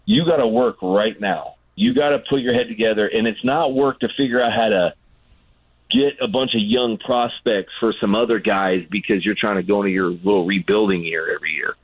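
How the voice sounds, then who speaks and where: A man who is a former pitcher, chatting as a radio guest and telling a story with lively acted-out voices. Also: brisk, no room sound. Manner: animated storyteller, acts out voices. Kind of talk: casual radio chat. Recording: tinny phone line.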